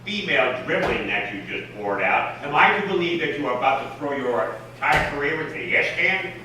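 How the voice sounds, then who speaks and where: A man's voice: on the high side, animated, brisk, sharp tone. A man playing a sarcastic, pompous critic. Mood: scornful. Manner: sarcastic, cutting. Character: acid, pompous older male celebrity critic. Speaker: community theater actor. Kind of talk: live stage acting. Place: theater stage. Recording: echoey stage from a far camera, noisy.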